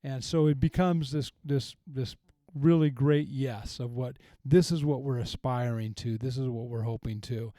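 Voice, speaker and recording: Mellow-voiced pastor, earnest and reflective. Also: male voice, medium pitch, steady tone, measured pace, hardly any pauses, no room sound. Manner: earnest, reflective, with frequent restarts and retold quotes. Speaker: pastor, podcast host. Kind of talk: conversational teaching on faith.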